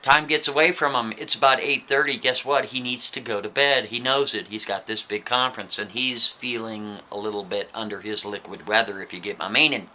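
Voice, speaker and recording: A man's voice: fairly low pitch, fairly even intonation, brisk, few pauses, pushed and bright. A man telling a story in a casual, chatty way, often checking in with the listener with "right?" asides.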